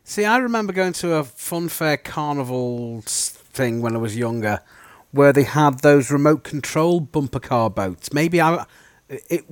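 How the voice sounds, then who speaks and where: A man's voice: on the high side, no echo. A man chatting casually on a book podcast, musing and correcting himself as he goes. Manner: wandering, self-correcting musings. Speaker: podcast co-host. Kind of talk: casual book-club chat.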